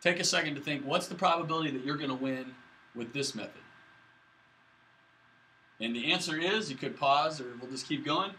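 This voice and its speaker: A man's voice: a little high, normal speed, pauses often, bright, forceful tone, slight background noise, rough recording. A man lecturing a statistics class at a whiteboard, in a casual, chatty way with jokey asides. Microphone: camera in the room, moving away to the board.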